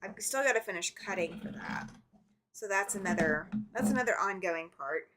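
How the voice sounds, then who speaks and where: A woman's voice: medium pitch, expressive, normal speed, noisy background. A middle-aged woman hosting a casual quilting livestream, chatting, reading viewer comments aloud and laughing often. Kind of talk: casual live chat while sewing.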